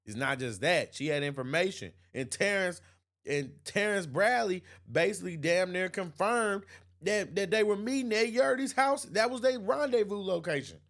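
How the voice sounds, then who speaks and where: Emphatic man, fairly high voice. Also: lively intonation, normal speed, fairly bright tone. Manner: emphatic, repeats himself, laughs often. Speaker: host. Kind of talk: opinion livestream reading chat comments.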